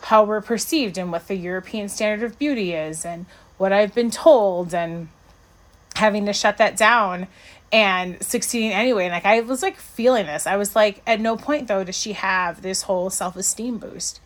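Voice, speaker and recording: A woman co-hosting a podcast, chatting casually about an episode in an animated, rambling way, with lots of fillers and restarts. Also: moderate pace. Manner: animated, jumps to high pitch when excited. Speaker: podcast co-host. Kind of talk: casual chat reviewing an episode.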